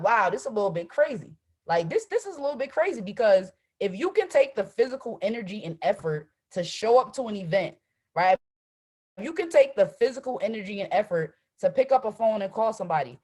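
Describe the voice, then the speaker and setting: Husky woman coaching with "right?". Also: mid-range voice. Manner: repeats "right?" constantly, emphatic and animated. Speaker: trading coach hosting a live call. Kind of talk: live-streamed motivational talk.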